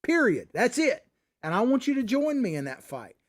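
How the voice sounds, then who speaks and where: Middle-aged male host, high voice that swings all over, folksy and combative. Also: sing-song, moderate pace. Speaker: commentary show host. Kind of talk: opinionated political commentary.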